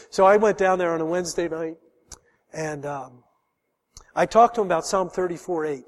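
A man's voice: high voice, normal speed, pauses often, long reverb tail. A middle-aged man preaching a sermon as pastor, telling a personal story in an earnest, emotional way.

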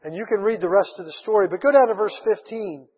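A man preaching a sermon, retelling a Bible story with lively acted-out voices. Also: high voice, fast talker, husky. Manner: animated storytelling, acts out voices of Bible figures. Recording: dull sound with long hall reverb.

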